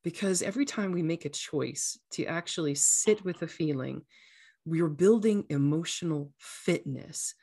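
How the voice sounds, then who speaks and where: A woman's voice: sits low, a little slow, dark tone, slightly rough. A woman hosting a casual podcast, talking earnestly as a coach and acting out voices now and then. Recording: echoey room sound.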